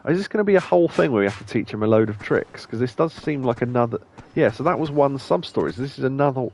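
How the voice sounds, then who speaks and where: A man's voice: medium pitch, animated, quick pace, darkish tone, slight background noise. Chatty man streaming a game. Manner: chatty, muses aloud, laughs often. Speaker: let's play streamer. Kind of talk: casual gameplay commentary.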